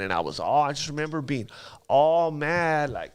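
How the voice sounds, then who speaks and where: A man's voice: fairly high pitch, sing-song, normal speed, smooth, no echo. A man telling his life story in a casual interview, using street slang and acting out sounds.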